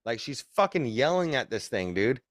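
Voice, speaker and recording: A young man appears as a podcast guest, casually telling a story in a rambling, profane, emphatic way. His voice is medium in pitch at a moderate pace, and the recording is dry and close.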